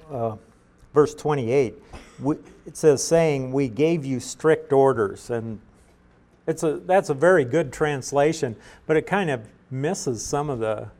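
A middle-aged man giving a verse-by-verse Bible teaching in a measured, explanatory way, with frequent fillers and restarts. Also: medium pitch, mellow.

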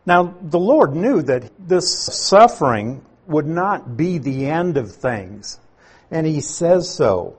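A man preaching an expository sermon, explaining scripture in a slow, teaching manner. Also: a little high, very animated, slightly rough.

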